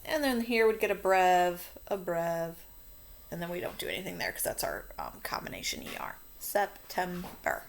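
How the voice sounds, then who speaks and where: Woman teacher dictating spelling words slowly. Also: fairly low pitch, slight background noise. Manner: slow, stretched-out word dictation. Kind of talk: spelling and phonics lesson for children.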